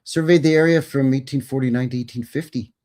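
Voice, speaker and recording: A man's voice: medium pitch, steady tone, quick pace, darkish tone. A Canadian man hosting a livestream, reading history text aloud and adding folksy, wry asides. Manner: folksy, says "bud" and "eh". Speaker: livestream host. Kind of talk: casual commentary reading aloud.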